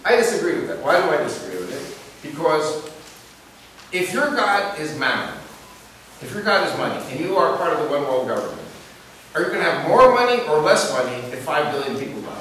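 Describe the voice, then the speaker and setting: Animated man lecturing in an echoey hall. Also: on the high side, fairly quick. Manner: animated, asks the audience questions and tells stories. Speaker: speaker addressing an audience. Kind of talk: preaching-style talk to a live audience. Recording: echoey room picked up from a distance with hiss.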